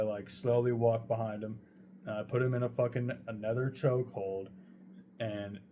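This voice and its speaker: A man's voice: on the low side, mellow, slight background noise. A young man casually telling a true story, rambling and swearing heavily as he goes. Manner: profane, rambling, heavy swearing.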